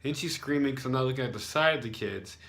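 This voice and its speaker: A man's voice: medium pitch, fast talker, fairly bright tone. A young American man, an English teacher, telling a story casually with lots of fillers and sarcastic asides. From United States.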